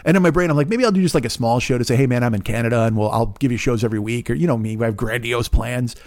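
A man in his fifties hosting a podcast, rambling in a casual, profane monologue with sarcastic asides and a smooth voice. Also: mid-range voice, rapid-fire, a little mellow. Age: 50s. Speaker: podcast host.

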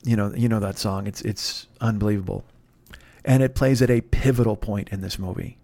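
A podcast host tells a rambling, profane, self-mocking story as a casual monologue, full of restarts. His lowish voice is mellow and fairly quick, recorded dry.

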